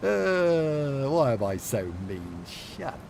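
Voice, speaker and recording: A man's voice: medium pitch, sing-song, slow pace, gravelly, a little mellow, slight background noise. A young man streaming a farming game, chatting playfully and sassily with lots of fillers. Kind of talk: casual live-stream chat while gaming.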